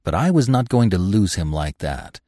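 A man narrating a classic story in a measured, expressive audiobook reading. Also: low voice, dry recording, clean studio sound.

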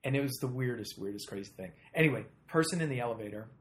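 A man, an actor, telling lively anecdotes in casual chat, swearing casually and laughing often. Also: medium pitch, fast. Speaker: actor and guest.

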